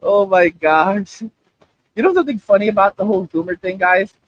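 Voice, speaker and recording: The audio is dull, but the livestream host comes through in a high-sitting voice at normal speed. He chats casually and animatedly, repeats himself, and speaks directly to his chat.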